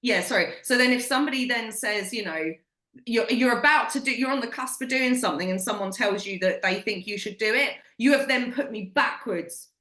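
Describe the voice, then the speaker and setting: Podcast co-host: British woman, forties, emphatic and blunt, bright tone, roomy sound. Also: on the high side, a little fast. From Britain. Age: 40s. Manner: blunt, emphatic, swears freely. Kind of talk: casual chat.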